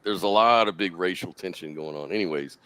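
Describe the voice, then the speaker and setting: A man's voice: deep voice, brisk, crowd noise, poor audio. Guy hosting a call-in show, rambles through stories, says dude a lot. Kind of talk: casual call-in chat.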